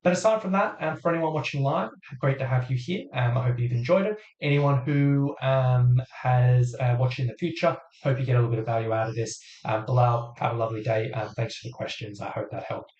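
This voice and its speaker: A man hosting a live fitness Q&A who explains things step by step in a casual way, with lots of fillers, while his voice is going hoarse. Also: mid-range voice, brisk, few pauses, darkish tone, lo-fi sound. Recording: roomy echo.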